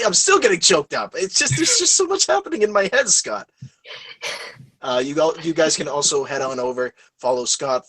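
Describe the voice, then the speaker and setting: An American man co-hosting a casual podcast, talking in an excitable, rambling way and plugging the show. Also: medium pitch, no echo, low-quality recording. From United States. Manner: excitable, rambling, promo-heavy. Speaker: podcast co-host.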